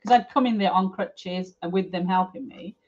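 A middle-aged woman, a property developer appearing as an interview guest, shares a personal story frankly and emotionally, chatting with lots of fillers. Her voice is fairly low and her pace moderate. The audio is slightly dull and lo-fi.

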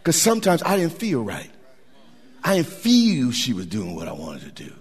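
Animated male preacher in a reverberant hall. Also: medium pitch, moderate pace, slightly rough. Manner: animated, repeats words for emphasis, folksy colloquial phrasing. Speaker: pastor. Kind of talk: sermon. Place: church sanctuary.

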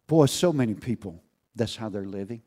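A man with a lowish, animated voice preaches at a moderate pace to a congregation. He swings from loud calls to hushed remarks and asks rhetorical questions.

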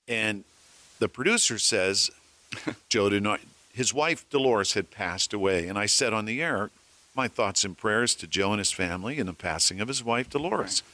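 A man, a former weatherman and radio host, telling lively anecdotes to colleagues and acting out the voices of the people in them. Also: fairly low pitch, normal speed, no room sound. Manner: animated storyteller acting out voices. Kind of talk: anecdotal storytelling among colleagues.

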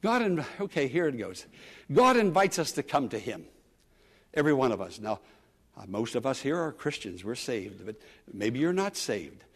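A male pastor preaching earnestly to a congregation. He repeats his phrases and moves between loud emphasis and soft asides. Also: mid-range voice, very animated, moderate pace. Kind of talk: sermon. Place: church sanctuary. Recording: long church reverb.

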